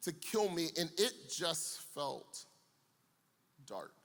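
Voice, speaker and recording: High-voiced, animated young preacher in a big hall. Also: male voice, very slow. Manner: animated storyteller with comic asides. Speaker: camp speaker. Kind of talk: storytelling youth sermon. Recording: long hall reverb.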